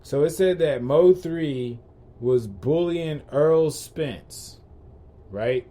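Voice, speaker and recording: A man's voice: a little high, lively intonation, drawn-out words, warm tone. A man hosting a podcast, ranting in a heated, profane way and repeating rhetorical questions. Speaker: podcast host. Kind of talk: ranting commentary.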